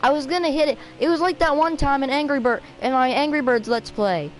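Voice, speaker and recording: A woman giving rambling, self-mocking commentary while playing a racing game, with sudden excited outbursts. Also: sits high, a little fast, a little hiss or hum, low-quality recording. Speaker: gaming video creator. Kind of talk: rambling let's-play commentary.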